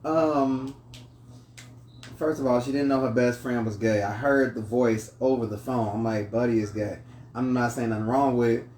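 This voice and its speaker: A man's voice: medium pitch, fairly even intonation, moderate pace, darkish tone. A man hosting a casual chat over drinks, laid-back and rambling. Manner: laid-back, storytelling with many restarts. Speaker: host. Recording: echoey room, voice from mic distance, faint noise.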